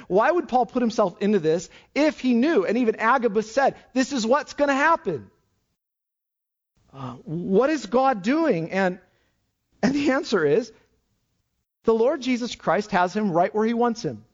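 Male pastor, sermon delivery, somewhat high voice, dramatic swings from loud to hushed, muffled lo-fi recording. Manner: dramatic, swings between loud exclamations and hushed low passages.

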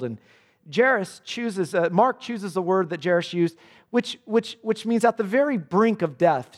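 A man preaching a sermon with passion, sometimes dropping suddenly to a quiet, low voice. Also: in a large hall. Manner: impassioned, with sharp drops to quiet. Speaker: pastor.

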